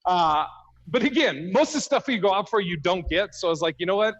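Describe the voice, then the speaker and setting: A man's voice: sits high, animated, fairly quick, fairly bright tone, lo-fi sound. A man doing a stand-up comedy set over a video call, telling a story, swearing freely and laughing at his own punchlines.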